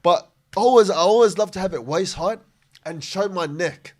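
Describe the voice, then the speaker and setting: Man, casual podcast talk, fairly high voice, animated explainer. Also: moderate pace. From Sydney, Australia. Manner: animated, laughing, explains with examples. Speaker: podcast co-host giving speaking tips.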